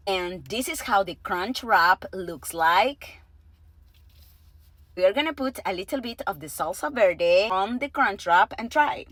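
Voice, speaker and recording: A woman reviewing fast food in a casual vlog, chatting between bites and murmuring softly as she tastes. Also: mid-range voice, dry recording. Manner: unhurried and chatty, with soft murmurs while tasting.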